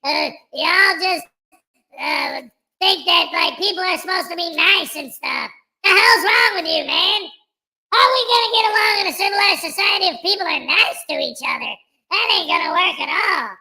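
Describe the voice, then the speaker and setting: A man voicing a squeaky, boastful male auditor who brags about getting paid in a cocky, jive-talking way. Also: animated, normal speed, gravelly, pushed and bright, exaggerated voice. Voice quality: squeaky high voice. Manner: cocky jive-talking bragging, yelps in pain.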